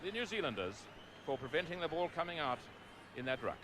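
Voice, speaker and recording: A middle-aged man calls a rugby match live, his voice sitting a little high for a man. He stays calm for background facts and climbs into excited calls when play heats up. The old broadcast carries a clear layer of noise behind him. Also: a little fast. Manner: rises to excited shouts at big moments, calm for background facts. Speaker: play-by-play commentator.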